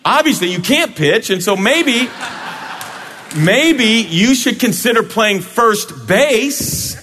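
A man's voice: high-pitched, expressive, slow pace, bright, forceful tone, soft background music, voice pushed up, heavily acted. A firm, no-nonsense female umpire, as a man puts her on while preaching, speaking in a raised, matter-of-fact voice. A long hall reverb trails after each line.

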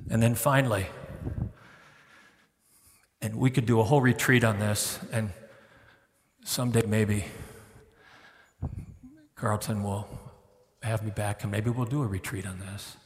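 A middle-aged man preaching a sermon as a guest preacher, swinging from loud pleading to hushed, tender near-whispers. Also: lowish voice, steady tone, unhurried, long pauses. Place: church sanctuary. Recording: long hall reverb.

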